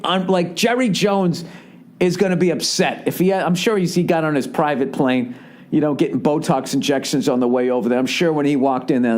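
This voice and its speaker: In a casual comedic monologue, a Bostonian man in his forties who hosts a podcast acts out characters' voices while spinning a profane, meandering tale. He talks a little fast, and his slightly high voice has a darkish tone.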